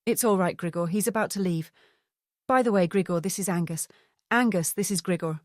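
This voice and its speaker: A woman reading a brisk, teasing young sleuth. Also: lowish voice, no echo, clean studio sound, lightly acted. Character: confident young woman, spirited amateur investigator.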